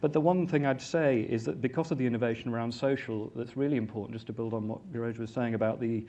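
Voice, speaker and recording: Measured academic man, dull lo-fi sound. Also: mid-range voice, steady tone, warm tone. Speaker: academic panelist. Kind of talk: conference panel discussion. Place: conference stage. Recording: dull, lo-fi recording with faint noise.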